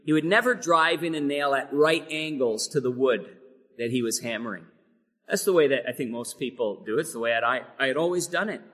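A man delivering a church sermon with earnest conviction, his voice pitched in the middle range. He leans into key phrases with sudden emphatic force. A long reverb from the sanctuary trails every phrase. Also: brisk, a bit bright. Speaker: pastor.

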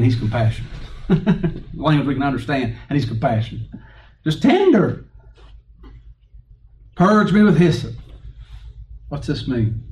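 A male preacher with a drawl delivers a folksy, conversational sermon full of rhetorical questions and soft chuckles. His voice sits in an ordinary middle range. It is picked up from some distance, with faint background noise. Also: mid-range voice.

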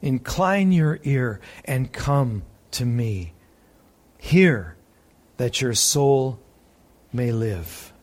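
Slow, deliberate male preacher. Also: mid-range voice, animated, darkish tone. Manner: reads scripture aloud with emphatic pauses. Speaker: pastor. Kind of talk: sermon.

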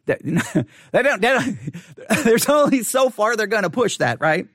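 A middle-aged man with a notably high-pitched voice tells a story in a casual, rambling monologue. He gets animated, acting out people's lines and building nearly to a shout when he is exasperated. The sound is dry, with almost no room echo. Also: a little slow. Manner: animated, acts out quotes, rises to near shouting when exasperated.

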